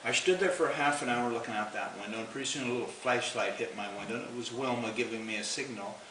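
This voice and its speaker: A man's voice: mid-range voice, quick pace. A man telling a long story in a rambling, folksy way, chuckling as he goes. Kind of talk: casual spoken storytelling. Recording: roomy, distant, noisy home recording.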